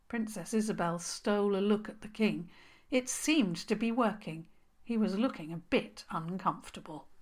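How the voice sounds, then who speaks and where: A woman narrating a children's story, slow and expressive. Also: fairly low pitch.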